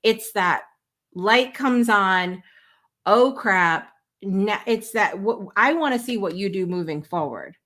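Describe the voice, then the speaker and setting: A woman hosts a live morning talk show with a bright, forceful voice. She chats in a loose, emotional way, full of fillers and restarts. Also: medium pitch, lively intonation, slow pace.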